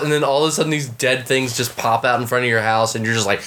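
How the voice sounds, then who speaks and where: A man's voice: medium pitch, quick pace, hardly any pauses, a bit bright. A young man co-hosting a casual podcast chat, laughing often, swearing and acting out quotes. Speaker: podcast co-host.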